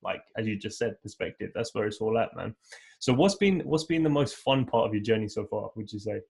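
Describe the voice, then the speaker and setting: A man hosting a podcast, calmly reflecting back the guest's points before asking a question. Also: on the low side, brisk, vocal fry. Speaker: podcast host. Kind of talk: casual interview chat.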